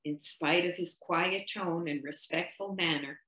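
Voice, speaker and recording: A woman reading a nineteenth-century short story aloud, measured and expressive. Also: lowish voice, reverberant, poor audio. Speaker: reader.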